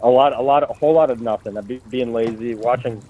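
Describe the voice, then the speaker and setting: A man's voice: medium pitch, fast talker, a little hiss or hum. Stammering male caller on a dull line. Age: 30s. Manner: hesitant, stammering, self-deprecating. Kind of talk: phone call-in chat.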